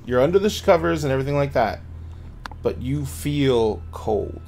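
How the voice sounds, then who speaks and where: A man's voice: medium pitch, lively intonation, moderate pace, vocal fry, darkish tone, a little hiss or hum. A man running a tabletop game as game master, narrating loosely with many fillers and restarts.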